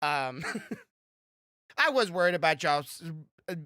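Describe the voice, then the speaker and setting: A man's voice: a little high, very animated, slow, sharp tone, no room sound. A young man hosting a casual podcast, rambling with lots of fillers and restarts. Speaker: podcast host.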